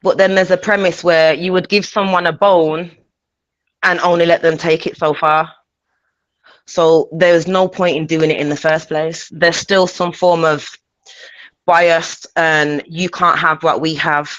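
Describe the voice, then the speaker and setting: A caller speaks very slowly and thinks through each point out loud. The voice comes through dull, lo-fi call audio. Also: medium pitch, level tone. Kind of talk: phone-in caller.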